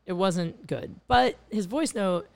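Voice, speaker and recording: A woman's voice: medium pitch, slow, creaky, darkish tone. Chatty woman telling a dating story. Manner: chatty storyteller, trails off and restarts. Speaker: podcast host. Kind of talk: casual chat. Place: outdoors in bright sun.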